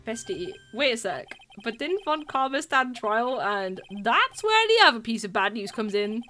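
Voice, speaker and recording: A woman's voice: a little high, normal speed, faint music behind. A woman from the UK streaming a game playthrough, reading the dialogue aloud and reacting with lots of laughter. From United Kingdom. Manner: excitable, laughs often, voices characters.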